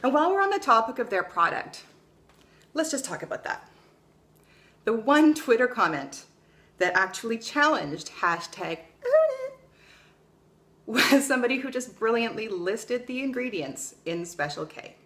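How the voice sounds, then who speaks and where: A woman's voice: fairly high pitch, big pitch swings, normal speed, fairly bright tone. A young adult woman vlogging in a casual, blunt way, swearing freely and telling stories with energy. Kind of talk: casual opinion vlog.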